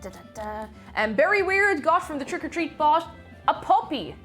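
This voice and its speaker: A woman's voice: high voice, sing-song, moderate pace, a bit bright, soft background music. A woman streamer in casual live-stream chat, greeting viewers by name and playfully repeating phrases while she works in her home kitchen.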